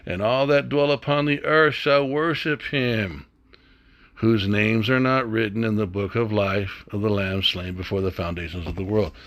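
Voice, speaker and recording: A man's voice: on the low side, steady tone, normal speed, fairly bright tone. A man teaching from the Bible and commenting as he goes, emphatic and blunt, often asking his listeners rhetorical questions. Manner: blunt, drops into swearing.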